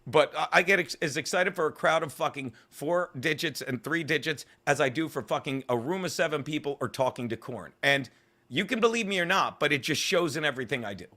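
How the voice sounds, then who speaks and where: A male comedian telling rambling, profane stories in an interview. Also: a little high. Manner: fast, swearing, animated storytelling. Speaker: comedian guest.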